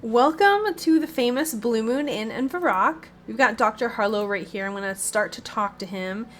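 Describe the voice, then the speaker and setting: A woman's voice: on the high side, moderate pace, a bit bright, soft background music. A woman hosting a gaming video, chatting casually to her viewers as she plays. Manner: chatty, addresses viewers directly. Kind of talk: casual gameplay commentary.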